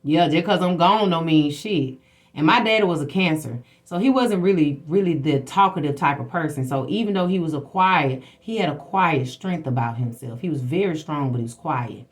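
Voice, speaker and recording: A woman's voice: deep voice, lively intonation, a little fast, few pauses. Blunt woman preaching to viewers. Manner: blunt, profane, preachy storytelling. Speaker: spiritual livestream host. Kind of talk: casual spiritual talk to viewers.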